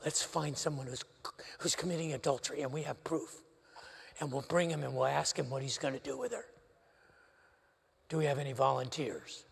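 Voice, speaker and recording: A man voicing scheming pious male religious leaders in a low, hushed, conspiratorial mutter. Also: moderate pace, vocal fry, pauses often, big-room sound, slight background noise.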